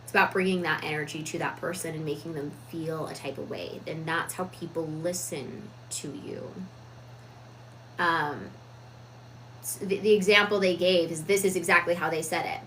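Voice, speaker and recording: Woman, self-help vlogger, bright crisp tone, lowish voice, reflective and unhurried. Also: fairly even intonation, slight background noise, rough recording. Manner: reflective, deliberate, with frequent fillers. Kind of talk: casual talk on personal growth.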